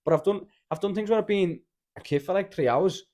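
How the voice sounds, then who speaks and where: A man's voice: sits high, a little fast, mellow. A young Scouse man hosting a podcast, telling stories in a rambling, sweary way and calling everyone "lad". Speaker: podcast host. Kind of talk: casual storytelling chat.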